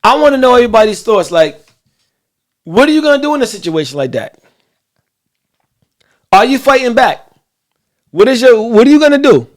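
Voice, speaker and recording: High-voiced man, loose profane banter. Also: normal speed, pauses often. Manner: loose, profane, animated storytelling. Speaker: podcast co-host. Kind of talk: casual talk-show banter.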